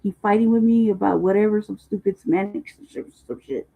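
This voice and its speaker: Stream host rambling casual, swears a lot, gravelly voice, sounds like it's coming thru a phone. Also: mid-range voice, brisk. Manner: profane, loose, laughing slang talk. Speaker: livestream host. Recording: muffled phone-like livestream audio.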